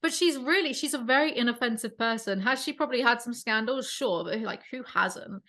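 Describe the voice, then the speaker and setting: A woman hosting a casual podcast chat, ranting about online creators in an opinionated, animated way. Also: a little high, fairly quick, crowd noise. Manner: ranting, opinionated, self-aware about vocal fry. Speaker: podcast host.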